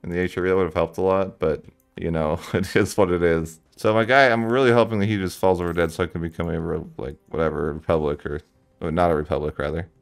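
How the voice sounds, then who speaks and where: A man's voice: sits low, steady tone, fast, gravelly. A man giving casual, thinking-aloud commentary while playing a strategy game, with sudden exasperated outbursts.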